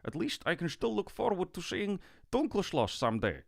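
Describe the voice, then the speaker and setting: A man's voice: high-pitched, huge pitch swings, brisk, vocal fry, no echo, clean studio sound, voice pushed up, exaggerated voice. A man reading a letter aloud in a put-on Dutch accent. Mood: earnest.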